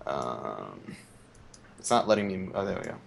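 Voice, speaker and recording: A man with a lowish voice plays an online tabletop game. He counts out his moves aloud and checks the rules as he goes. Faint noise and keyboard clicks sit behind his voice. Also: sing-song, unhurried, creaky. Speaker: player. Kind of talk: casual game talk.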